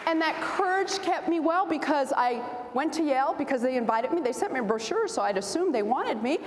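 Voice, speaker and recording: A woman in her forties giving a storytelling speech at a convention, animated and acting out the voices in her anecdotes. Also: high-pitched, a little fast, noisy background. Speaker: keynote speaker. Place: large convention hall. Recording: roomy hall reverb, faint ambience.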